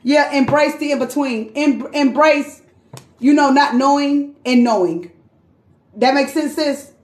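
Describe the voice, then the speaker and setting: A high-pitched woman runs a loose, chatty tarot reading, cursing freely and calling her listener queen and sis. Her voice echoes around the room as she talks. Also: measured pace. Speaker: tarot card reader. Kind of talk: casual live tarot reading.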